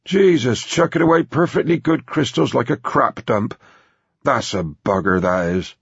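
A man voicing a grumpy, sweary old male mill owner with a gruff, explosive manner. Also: medium pitch, a little slow, no room sound, dull audio, pitched above the performer's own voice. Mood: disgusted.

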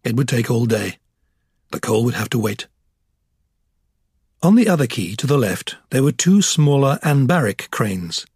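A man narrating an audiobook in a measured, even storytelling manner. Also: medium pitch, slightly rough, dry recording, studio quality. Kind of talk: scripted narration.

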